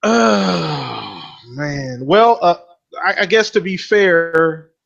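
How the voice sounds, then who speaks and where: Brief: male co-host, easygoing and hesitant, high-pitched, heard on muffled lo-fi audio. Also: animated, very slow, gravelly, a bit bright. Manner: easygoing, hesitant, many fillers. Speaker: podcast co-host. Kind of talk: casual gaming chat.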